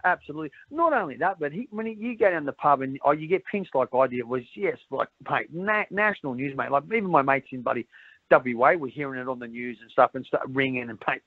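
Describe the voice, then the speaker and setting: A man's voice: on the high side, vocal fry, dry recording. A middle-aged man with an Australian accent, talking candidly as an interview guest, rambling and repeating words as he says "mate" over and over. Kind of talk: candid conversation. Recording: dry tinny phone-like sound.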